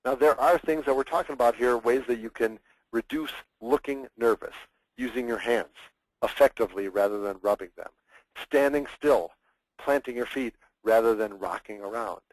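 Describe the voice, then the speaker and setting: A man teaching public speaking in a webinar, energetic and expressive, acting out examples in mock voices. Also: mid-range voice, normal speed, no echo, rough recording. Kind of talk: webinar presentation.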